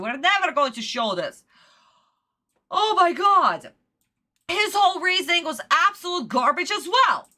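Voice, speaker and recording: A woman's voice: high voice, bright, forceful tone. A young adult woman streaming an episode reaction, ranting and swearing in exasperated outbursts. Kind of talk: casual livestream reaction.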